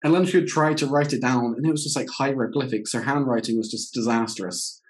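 A man who teaches English, hosting a casual interview and telling lively stories in which he quotes himself. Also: medium pitch, brisk, low-quality recording. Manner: animated storyteller, quotes himself in reported speech.

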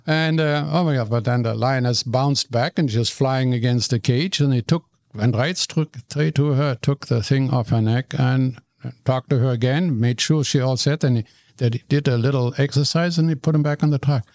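An older man, a guest telling stories in an animated way, often stumbling and repeating words. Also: mid-range voice, moderate pace, no echo. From Germany. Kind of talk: storytelling in conversation.

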